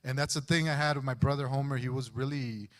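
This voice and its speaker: A man's voice: mid-range voice, fairly even intonation, fast talker. A man sharing a personal testimony before a church congregation, talking conversationally and acting out what other people said. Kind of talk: personal storytelling on a church stage.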